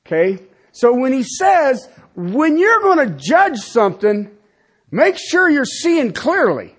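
A man's voice: very high voice, very animated, slow pace, husky. A man preaching a sermon, emphatic and full of rhetorical questions, often stopping to check in with his listeners. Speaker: pastor.

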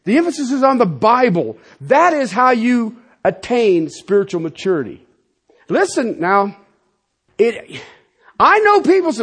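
A husky-voiced middle-aged man preaching to his congregation, his pitch riding high and swinging widely. He presses his points hard, then drops into low, muttered asides. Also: huge pitch swings, a little slow. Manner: emphatic, swings between loud and quiet asides. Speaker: pastor. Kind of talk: sermon.

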